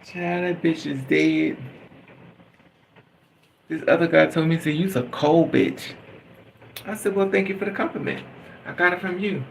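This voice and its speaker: Gravelly man venting bluntly. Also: fairly high pitch, fairly even intonation, normal speed, pauses often, a little hiss or hum, low-quality recording. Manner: blunt, profane, venting with bitter humor. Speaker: vlogger. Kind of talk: candid emotional monologue.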